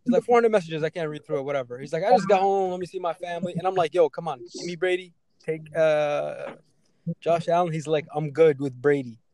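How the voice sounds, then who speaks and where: A man co-hosting a casual podcast chat, excitable and quick to chime in. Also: fairly high pitch, no echo. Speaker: podcast co-host.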